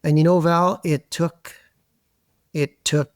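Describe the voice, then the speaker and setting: A middle-aged man from Canada, a podcast guest telling animated, self-deprecating stories in a relaxed conversation. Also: on the high side, slow pace, no room sound, studio quality. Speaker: interview guest. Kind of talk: conversational interview.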